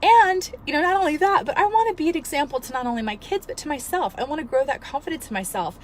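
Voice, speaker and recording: A woman in her thirties, a fitness coach, telling a story in an earnest, emotional, animated way and giving motivational advice. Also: sits high, quick pace, slight background noise. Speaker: fitness coach and studio owner. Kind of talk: casual motivational vlog.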